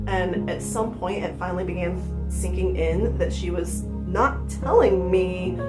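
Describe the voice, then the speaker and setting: A woman's voice: fairly low pitch, normal speed. A young woman vlogger telling an emotional personal story from home, using "like" a lot and laughing through the hard parts. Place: at home with her dog in her lap. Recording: roomy echo with music behind. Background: music.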